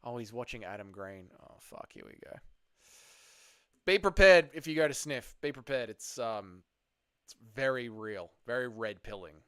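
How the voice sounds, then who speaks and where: A man's voice: medium pitch, animated, moderate pace, fairly bright tone, clean tone, no room sound, clean studio sound. A man hosting a casual livestream, chatting loosely with his viewers and swearing freely. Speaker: livestream host.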